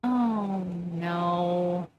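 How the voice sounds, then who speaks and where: A woman's voice: lowish voice, drawn-out words, muffled recording, faint music behind. A woman chatting casually on a live stream, distracted and muttering curses as her tech acts up.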